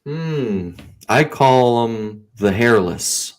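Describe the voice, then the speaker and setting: A man appearing as a guest author in a casual video-call interview, talkative and animated, with loud laughs. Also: medium pitch, very slow.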